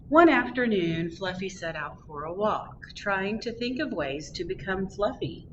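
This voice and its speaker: Slow, expressive woman reading a children's story. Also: mid-range voice, muffled recording, slight background noise. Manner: slow, expressive and gently animated. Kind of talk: children's storytime read-aloud.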